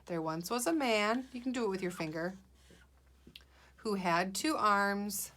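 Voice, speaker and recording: A woman teacher with a medium-pitched, slightly bright voice and measured pace guides young children through a reading lesson. She's patient and encouraging, sounding out letters and words.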